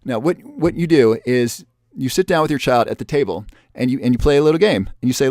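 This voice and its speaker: A man presenting a webinar and making an upbeat sales pitch, repeating the offer with urgency. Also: animated, fast, darkish tone, no room sound, clean studio sound.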